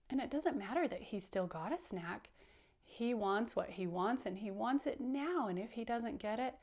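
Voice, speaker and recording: A woman teacher giving a storytime lesson for young children, animated and asking them to repeat after her. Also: mid-range voice.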